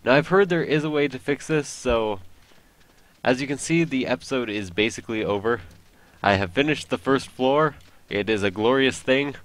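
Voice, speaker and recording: A man's voice: medium pitch, moderate pace. A young man giving casual let's play commentary while he builds, thinking aloud and rambling with self-mocking asides.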